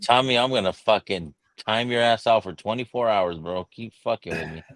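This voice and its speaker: A man's voice: lowish voice, moderate pace, a bit bright, no room sound. A man in casual chat over drinks, swearing and joking with friends. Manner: profane, joking.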